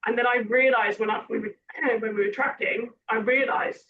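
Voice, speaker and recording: A woman hosting a podcast, chatting in a rambling, self-correcting way and a little hoarse from losing her voice. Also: a little high, steady tone, normal speed. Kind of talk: casual podcast chat. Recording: distant muffled mic with background noise.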